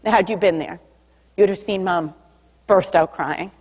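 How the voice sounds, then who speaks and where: A woman giving an energetic public talk about body language, leading the audience to repeat after her. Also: on the low side, measured pace. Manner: lively, leads audience call-and-response. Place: stage in a large hall. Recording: long hall reverb.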